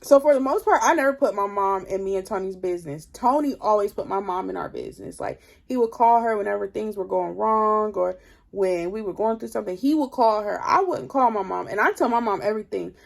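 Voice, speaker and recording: A young woman talks through a personal story in a loose, casual way, peppering her sentences with 'like'. Her voice carries a gravelly fry and sits at an ordinary middle pitch. She sounds worn out and drained. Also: expressive, fairly quick. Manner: chatty, leans heavily on 'like'. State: drained, low energy. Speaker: vlogger.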